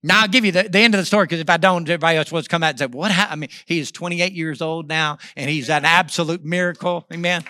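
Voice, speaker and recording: A man in his fifties preaching with a high, very bright voice. He tells his story in a swinging delivery that climbs loud and drops to a hush. The sound is close and dry. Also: quick pace, few pauses, dry recording. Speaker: pastor. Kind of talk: sermon.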